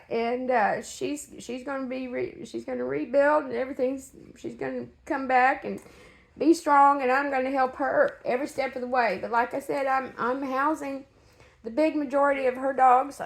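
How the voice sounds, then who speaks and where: A middle-aged woman who breeds dogs, talking to her followers in a halting, emotionally shaken way, with many fillers and restarts. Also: high voice, fairly even intonation, creaky. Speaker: dog breeder. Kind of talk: casual direct-to-camera update.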